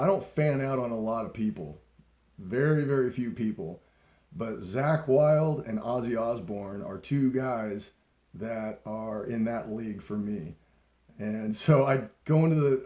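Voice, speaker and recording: A man's voice: medium pitch, dark tone, reverberant. A middle-aged man hosting a talk show, telling a story in a casual, profane way and laughing often. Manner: laid-back and profane, laughs often, acts out voices in anecdotes. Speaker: podcast host.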